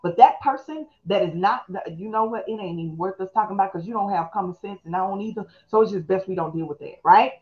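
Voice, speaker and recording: Middle-aged woman pastor, rapid call-and-response teaching, mid pitch, slightly dull lo-fi audio. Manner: fast, call-and-response, preacherly. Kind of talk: live-streamed motivational teaching.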